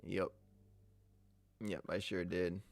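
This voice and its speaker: A man's voice: low voice, level tone, takes it slowly, vocal fry. A man giving live trading commentary, talking to himself about his trades, swearing a lot and sounding exasperated. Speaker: day trader streaming live.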